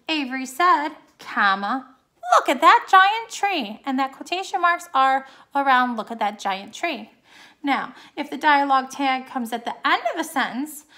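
Teacher lady walking kids thru grammar, high bright voice, patient. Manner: patient, explains step by step. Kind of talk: recorded online grammar lesson.

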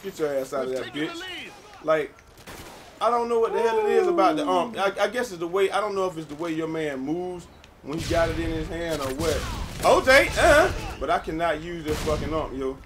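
Excitable young man yelling over gunfire. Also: fairly high pitch, brisk, background noise. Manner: excitable, profane trash talk with sudden yells. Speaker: gamer playing with a friend. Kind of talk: casual live gameplay commentary. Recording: game gunfire and explosions loud behind voice.

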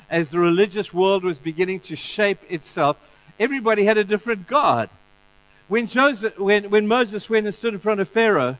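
High-voiced preacher man, animated. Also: a little hiss or hum, poor audio. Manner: animated, acts out the stories in voices. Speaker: pastor. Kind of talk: sermon.

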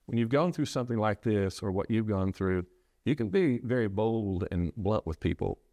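In a reflective interview, a middle-aged preacher with a low voice speaks of his loss with earnest, halting sincerity, often stumbling and restarting mid-thought. His delivery is expressive and dark in tone, recorded dry and close with no room sound.

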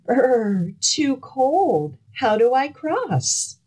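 Lady putting on a tiny gingerbread boy, squeaky and giggly, sings it all up high, a bit husky. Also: sing-song, drawn-out words, darkish tone, full character voice, poor audio. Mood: shivering. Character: cheeky runaway gingerbread boy, tiny and gleeful.

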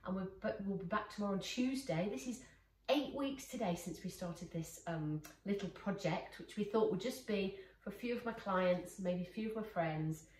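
A woman's voice: medium pitch, moderate pace, darkish tone. A woman, a dog trainer demonstrating exercises in a casual, encouraging way. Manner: praising, encouraging. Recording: echoey room, far from mic, faint noise.

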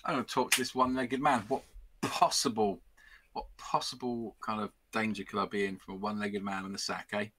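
A man's voice: lowish voice, steady tone, a little fast, a bit bright, slightly rough. A man playing a gamebook, sarcastic and swearing at the characters. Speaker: player. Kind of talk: casual play commentary.

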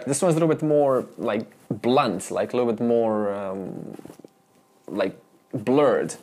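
Male teacher, beginner lesson, slow and patient, lively rising and falling pitch, pronunciation drills. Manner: patient, repeats sounds many times for practice; explains mouth and tongue positions step by step. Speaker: Sanskrit teacher.

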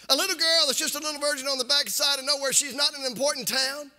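A man preaching a sermon as pastor, impassioned, with a sing-song cadence that rises into shouts and repeats words for emphasis. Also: extremely high pitch, fairly even intonation, fast talker.

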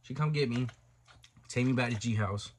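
With a medium-pitched voice at normal speed and a little hiss or hum in the background, a young man spins a casual storytime monologue for his channel. He's loose, slangy and profane, jumping into the voices of the story's characters.

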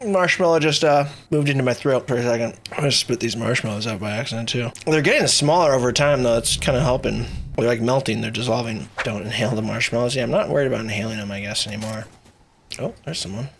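A man streaming a video game live, talking excitedly and mockingly at himself with his mouth stuffed with marshmallows. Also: mid-range voice, fast talker, a little hiss or hum. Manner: muffled speech with marshmallows in mouth. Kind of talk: live gameplay commentary.

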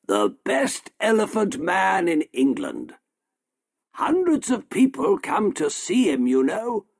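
Man doing a raised-pitch, gravelly showman shopkeeper, fawning and pushy, for a storybook reading. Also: wildly swooping pitch, slow, exaggerated voice.

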